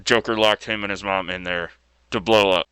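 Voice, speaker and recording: A man's voice: lowish voice, steady tone, normal speed, pushed and bright, clean tone, no room sound. A man casually retelling a story as video host, laid-back and loose with fillers and mild slang.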